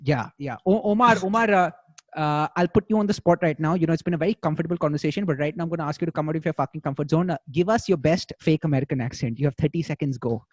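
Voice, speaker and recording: A man's voice: fairly high pitch, very fast, no echo. A man in his late twenties with an Indian accent, hosting a casual podcast chat in a blunt way, swearing freely and often restarting. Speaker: podcast host.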